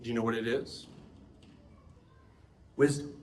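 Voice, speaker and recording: A man's voice: mid-range voice, steady tone, a little slow, roomy sound, slight background noise. A middle-aged man preaching a sermon in a conversational way, often turning to the audience with questions.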